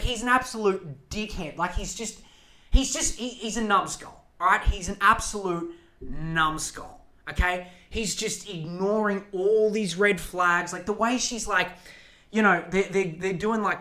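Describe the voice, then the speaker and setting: A young man on a podcast, rambling animatedly with frequent swearing and self-interruptions. His delivery is loose and chatty, jumping between loud outbursts and mutters. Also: high-pitched. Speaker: podcast host. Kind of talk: casual ranting chat.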